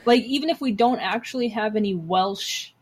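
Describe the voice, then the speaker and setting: A woman's voice: medium pitch, moderate pace, slightly rough. A woman in casual chat as a game player, hesitant, often trailing off and restarting. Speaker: tabletop game player and co-host.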